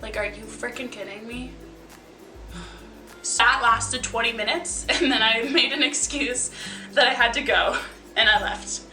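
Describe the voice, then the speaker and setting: A woman's voice: fairly high pitch, unhurried, long pauses, music in the background. A young woman casually telling stories to the camera, chatty and wry, with sarcastic asides and lots of likes. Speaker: vlogger. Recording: echoey room, mic at a distance.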